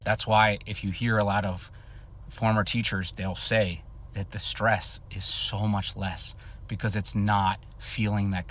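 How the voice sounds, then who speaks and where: Earnest man lecturing, bright voice. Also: lowish voice. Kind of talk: commentary to camera.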